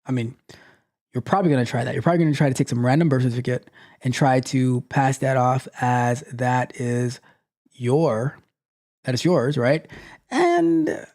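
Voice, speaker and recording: A man hosting a live tech question-and-answer show, giving advice in a lively, mock-scolding way and often repeating phrases. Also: mid-range voice, creaky. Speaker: host.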